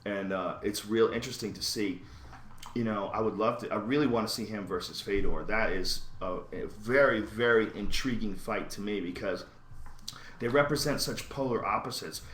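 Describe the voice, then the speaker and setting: A man hosting a podcast, talking in an intense, profane, emphatic way that swings between loud outbursts and low asides. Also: normal speed, roomy sound, slight background noise. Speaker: podcast host. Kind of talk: profane animated podcast rant.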